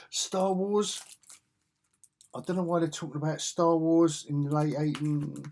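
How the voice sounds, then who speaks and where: Slow, rambling man. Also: fairly high pitch, darkish tone. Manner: rambling, musing aloud, self-questioning. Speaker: comic collector vlogger. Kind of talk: casual chat while flipping through magazines.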